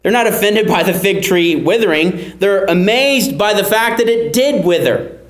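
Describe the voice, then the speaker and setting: A man's voice: high voice, animated, normal speed, echoey room, rough recording. A man preaching a sermon, earnestly teaching and repeating key phrases for emphasis. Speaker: pastor.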